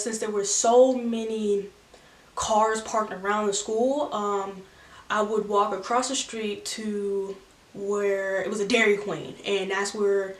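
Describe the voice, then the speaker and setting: A young adult woman tells a personal story in a loose, chatty vlog style, leaning on "like" and restarting her sentences. Her voice sits at a middle pitch. She is recorded from a few feet away, in a room that gives it a noticeable echo. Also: far from the mic. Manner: chatty, many "like" fillers and restarts. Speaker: vlogger. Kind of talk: casual storytime. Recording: roomy echo, from the mic.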